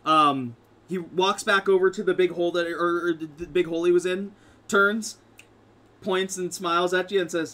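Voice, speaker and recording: A man's voice: high-pitched, steady tone, normal speed, bright, forceful tone. A man narrating a tabletop game as game master, rambling with lots of fillers.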